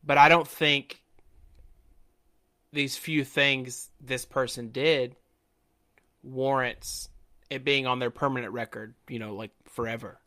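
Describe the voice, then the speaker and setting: A man's voice: mid-range voice, steady tone, slow pace, pauses often, bright, forceful tone. A man co-hosting a podcast in casual chat, earnest and reflective, restarting his sentences often. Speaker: podcast co-host.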